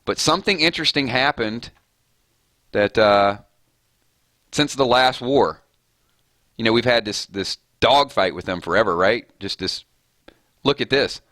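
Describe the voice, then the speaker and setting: A man's voice: mid-range voice, lively intonation, unhurried, long pauses, pushed and bright, no room sound. Fired-up rambling male streamer. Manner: fired-up, rambling, laughs often. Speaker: gaming streamer. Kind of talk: casual live-stream chat.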